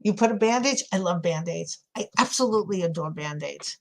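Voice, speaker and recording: A woman's voice: on the low side, animated, fairly quick, gravelly. A woman with a New York accent, chatting casually with viewers while crafting, laughing often. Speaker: craft livestream host.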